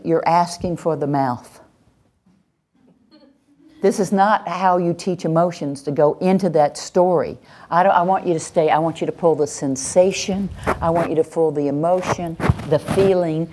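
A woman with a low, mellow voice teaching a workshop. She speaks calmly and coaches her listeners, easing into gentle, hushed phrases to show how to soothe a child. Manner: calm, coaching, slips into soft soothing phrases when demonstrating. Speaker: parenting and classroom trainer. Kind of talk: workshop teaching with acted demonstrations.

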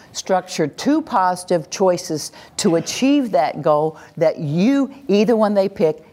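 A woman's voice: medium pitch, a little mellow. A middle-aged woman teaching a parenting workshop, acting out what parents and children say and laughing often. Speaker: parenting instructor.

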